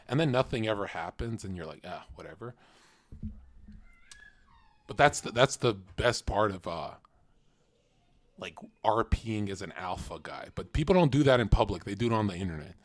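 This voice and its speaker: A man's voice: lowish voice, animated, moderate pace. A young man streaming, giving blunt, mocking reaction commentary and acting out the people he quotes.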